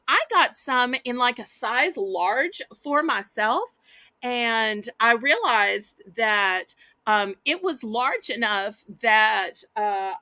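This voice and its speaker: A woman's voice: fairly high pitch, sharp tone, no echo. A woman with a Southern US accent hosting a live online auction, chatting in a folksy way and talking straight to her viewers. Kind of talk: live-stream auction selling.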